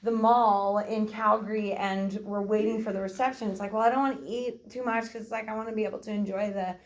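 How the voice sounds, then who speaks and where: A woman co-leading a nutrition workshop, telling a personal story in a chatty, animated way and acting out quoted voices. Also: medium pitch, fairly quick. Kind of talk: casual storytelling talk.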